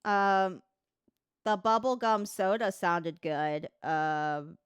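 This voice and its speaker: Slow, smooth-voiced woman streamer. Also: mid-range voice, level tone, dry recording. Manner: casual, swears freely, stumbles while reading out text. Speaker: livestreamer. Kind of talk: casual livestream chat, reading aloud.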